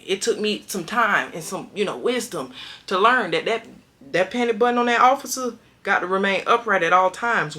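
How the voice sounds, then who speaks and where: A young woman tells a story straight to camera in an emphatic, slangy way. Her tone is bright and forward, and her pitch jumps sharply whenever she acts out what someone said. She sits at a middling pitch for a woman. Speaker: vlogger telling a prison story.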